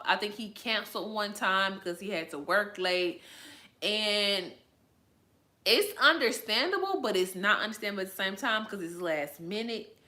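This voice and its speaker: A woman vlogger talks through her reaction to a TV episode, emphatic and slangy. Her voice is bright and forward, sitting at an everyday middle pitch for a woman. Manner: animated, emphatic, uses slang. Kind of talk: casual reaction commentary.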